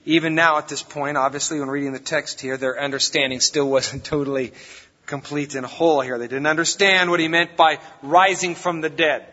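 A man's voice: fairly high pitch, fairly even intonation, a little fast, pushed and bright. A man preaching a sermon as pastor, in a conversational, folksy way, recorded in a church hall. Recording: reverberant hall, dull lo-fi sound.

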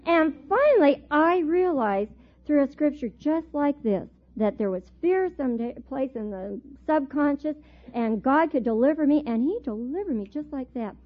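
A woman's voice: high-pitched, normal speed. Tinny-recorded woman teaching a Bible class. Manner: animated storyteller, laughs often while telling. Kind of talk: Bible teaching with personal stories.

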